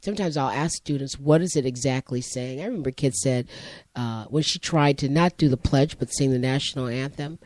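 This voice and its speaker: A woman's voice: very deep voice, brisk, no echo. Rambling woman teacher telling a story. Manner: rambling, acts out voices in quotes. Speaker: high school teacher. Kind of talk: conversational storytelling.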